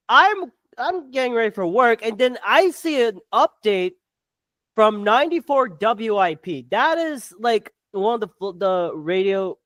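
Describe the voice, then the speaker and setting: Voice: medium pitch, fairly bright tone, no room sound. Fired-up podcast co-host mid-rant. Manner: fast, fired-up, swearing, stammering restarts. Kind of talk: heated sports podcast rant.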